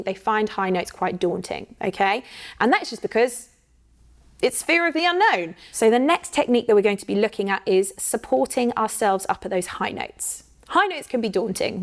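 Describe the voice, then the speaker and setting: A woman, teaching an online singing workshop in an encouraging way and checking in often with "okay?". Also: medium pitch. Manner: counts in and sings demo phrases.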